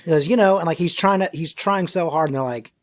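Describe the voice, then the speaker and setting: A man chatting on a podcast, telling rambling, animated stories full of acted-out quotes. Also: a little high, fast talker, no echo. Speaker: podcast guest. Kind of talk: casual chat.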